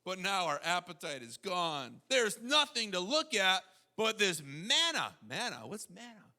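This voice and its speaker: High, bright-voiced male preacher. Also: measured pace. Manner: animated preaching with mocking quoted voices. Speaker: pastor. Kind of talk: sermon.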